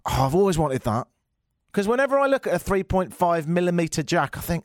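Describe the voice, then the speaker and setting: A man's voice: high-pitched, very animated, brisk, no room sound, clean studio sound. A man hosting a comedy show, ranting sarcastically about tech news and mocking it with silly voices.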